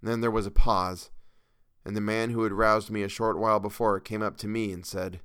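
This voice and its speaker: A man reading a first-person tale aloud in a measured, earnest storytelling manner. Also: fairly low pitch, little pitch movement, fairly bright tone, clean tone, no room sound, clean studio sound. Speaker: audiobook reader. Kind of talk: first-person audiobook narration.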